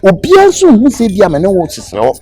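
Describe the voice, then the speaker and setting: A man's voice: sits high, huge pitch swings, fast, mellow, no echo, full character voice. A man playing a pushy, lecherous schoolteacher, coaxing and slipping into local phrases. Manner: pleading, switches into local phrases. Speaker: teacher pursuing a schoolgirl.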